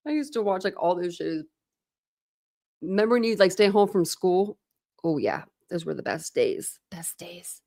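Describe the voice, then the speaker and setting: A woman's voice: fairly low pitch, gravelly, darkish tone, no echo, studio quality. A woman reading a book aloud at home on a live stream, stopping often to chat, laugh and stumble over hard words. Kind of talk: casual live book read-through with commentary. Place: home room during a thunderstorm.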